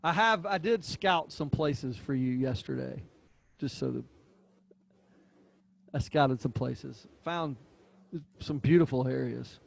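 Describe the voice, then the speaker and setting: A man's voice: medium pitch, takes it slowly, vocal fry, pauses often. A man co-hosting a podcast in casual chat, teasing his partner and laughing often. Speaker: podcast co-host.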